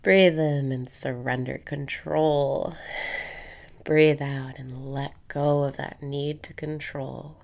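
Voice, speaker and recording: A woman leading a guided meditation, calm and blunt, repeating breathing cues, swearing casually and sometimes dropping into breathy whispers. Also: rumbling low, slow pace.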